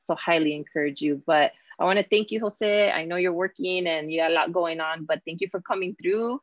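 A woman's voice: lowish voice, a little fast, no room sound, highs cut off. A woman hosting an online class conversation, chatty and casual, slipping in Spanish words. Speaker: host and professor.

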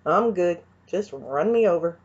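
A woman's voice: on the low side, animated, measured pace, darkish tone. A woman voicing a worn-out, sarcastic woman groaning through a hard karate class, from a dull recording.

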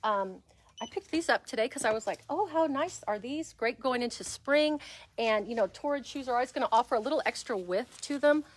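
A woman hosting a live resale-shop sale, describing clothes and prices in chatty, upbeat patter with plenty of fillers, speaking loudly without her own mic in a shop. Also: on the high side, fairly quick. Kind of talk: live shopping stream chat. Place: shop interior. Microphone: no microphone, speaking loudly.

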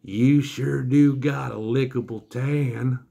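A man doing a slow, leering carnival drifter. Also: mid-range voice, steady tone, creaky, mellow, slightly rough, exaggerated voice.

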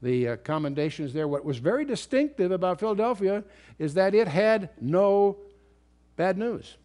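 Man teaching a Bible study, higher voice. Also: animated, moderate pace, darkish tone. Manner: explanatory, emphatic on key words, some restarts. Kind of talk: lecture-style Bible study.

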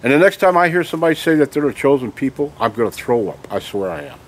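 Very animated and fast, a mid-range male voice tears through an angry rant to camera. The vlogger stays emphatic, keeps asking "okay?", and a little hiss or hum runs through the audio.

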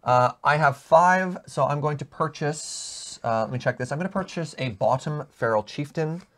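A man's voice: fairly high pitch, normal speed, a bit bright. A man streaming a board game with friends, joking and explaining his moves. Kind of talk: casual chat.

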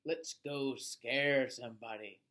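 A man's voice: medium pitch, slow pace, fairly bright tone, voice pushed down. A man voicing a lonely, cheerful little old lady in a sing-song storybook voice. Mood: gentle.

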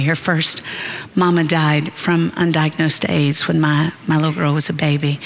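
Gravelly older woman preaching. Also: lowish voice, rough recording. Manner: folksy, humorous storytelling. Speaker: speaker. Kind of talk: sermon.

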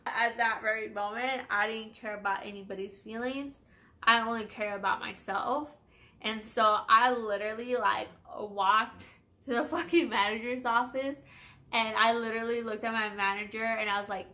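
A woman's voice: a little high, fairly even intonation, normal speed, pushed and bright. A woman in her twenties telling a personal story in a casual vlog, candid and profane, with lots of "like". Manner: candid, profane, heavy use of "like". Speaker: vlogger.

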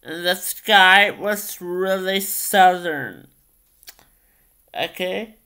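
A man's voice: sits high, very slow, gravelly, bright, forceful tone, clear, resonant tone. A man vlogging casually, telling stories in a hesitant way with many ums and repeated phrases. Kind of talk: casual vlog storytelling.

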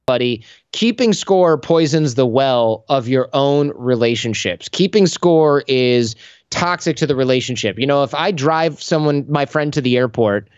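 Male podcast guest, lively storyteller, dry close sound, slightly lo-fi. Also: mid-range voice, unhurried, clean tone, no echo. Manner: animated storyteller acting out dialogue. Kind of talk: conversational interview.

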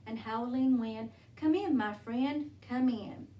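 A woman's voice: a little high, slow pace, lo-fi sound. A woman voicing a kindly but fussy male wombat who frets patiently over his guests, reading a storybook aloud. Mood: welcoming. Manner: patient, gently fretting. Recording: roomy, from a distance.

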